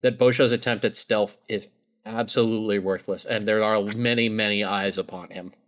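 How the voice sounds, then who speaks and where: A man narrating a tabletop role-playing game as game master, describing scenes in a relaxed, casual way. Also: fairly low pitch, normal speed.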